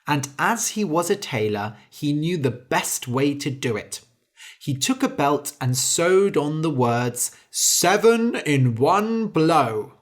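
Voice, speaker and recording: Slow, lively storybook narrator. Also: mid-range voice. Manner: slow, clear, lively delivery.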